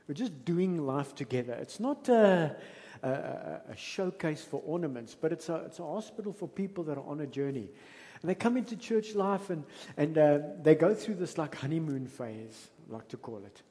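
A slightly high, dark male voice carries a South African pastor's expressive sermon at a moderate pace. He speaks South African English in a conversational manner, with emphatic bursts in his story, and the church hall's long reverb is audible.

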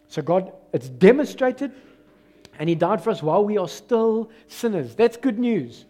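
High-voiced South African preacher. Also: male voice, fairly quick. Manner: switches into Afrikaans, lively preaching with loud rises and quiet drops. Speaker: pastor. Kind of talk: sermon.

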